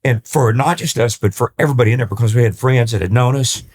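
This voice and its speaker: Guesting on a casual interview podcast, an older East Texas country singer tells stories at a quick clip in a medium-pitched voice. He acts out the dialogue in animated fashion and frequently restarts.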